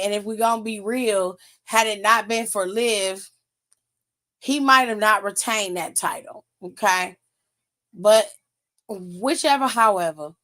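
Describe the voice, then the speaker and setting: A young adult woman hosting a wrestling aftershow, recapping it in a blunt, profane, exasperated rant. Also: a bit bright. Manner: blunt, profane, exasperated, laughs and pitch jumps up when mocking.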